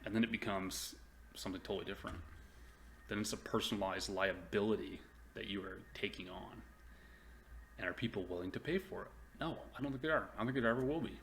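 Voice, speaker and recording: A man's voice: fairly low pitch, fast talker, a bit bright, slight background noise. A man hosting a casual stock commentary video, chatty and rambling with lots of fillers and restarts. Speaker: stock investing video host.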